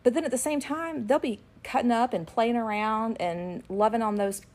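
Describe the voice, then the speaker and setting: A middle-aged woman co-hosting a podcast, chatting and telling lively family stories about her kids in an animated way. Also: on the high side, moderate pace. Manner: animated, acts out her kids' voices when retelling. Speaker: podcast co-host and ministry worker. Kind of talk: casual chat with storytelling.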